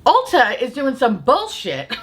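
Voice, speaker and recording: A woman's voice: high-pitched, huge pitch swings, a little slow. A woman hosting a casual chat, ranting in a profane, exasperated way and laughing often. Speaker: host.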